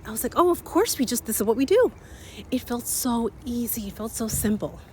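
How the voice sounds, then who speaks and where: A woman in her thirties with a slightly raspy voice, hosting an energetic motivational talk outdoors while a little out of breath from walking uphill. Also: a little high, slight background noise. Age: 30s. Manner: energetic, repeats key phrases, laughs often. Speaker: podcast host and coach.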